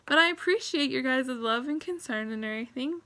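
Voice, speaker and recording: A young woman talks straight to her viewers in a personal vlog, rambling and close to tears as she thanks them. Her voice sits a little high and sounds bright and tense, and she stays open and heartfelt throughout. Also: expressive, fairly quick. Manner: emotional, rambling, grateful, tearful at times. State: teary. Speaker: vlogger.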